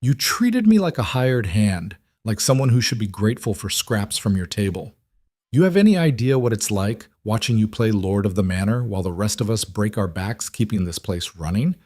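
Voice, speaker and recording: A man voicing a cold, treacherous male ranch hand with a gun, speaking calmly and bitterly. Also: fairly low pitch, moderate pace, dry recording, clean studio sound.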